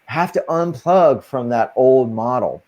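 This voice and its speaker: A man's voice: mid-range voice, expressive, a little slow, darkish tone. A man as an interview guest, talking casually and earnestly as he coaches listeners through spiritual steps.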